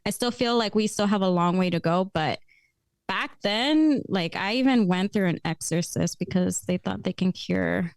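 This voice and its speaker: A young woman chats as a podcast guest, telling her stories in a lively way and laughing often. Her voice sits in a middle register and is recorded close and dry, with no room sound. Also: mid-range voice, normal speed, creaky, dry recording. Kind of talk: casual chat.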